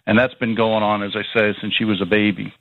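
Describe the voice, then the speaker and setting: A man's voice: fairly low pitch, little pitch movement, fast talker, vocal fry, no echo. Man talking on a tinny phone line. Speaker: radio show guest. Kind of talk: radio call-in conversation.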